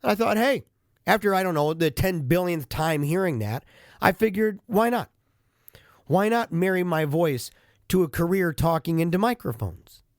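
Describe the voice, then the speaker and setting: Man, casual vlog monologue, animated, self-mocking, slightly high voice, dry close studio mic. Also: normal speed, dry recording. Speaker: vlogger and podcast host. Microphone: studio microphone with headphones.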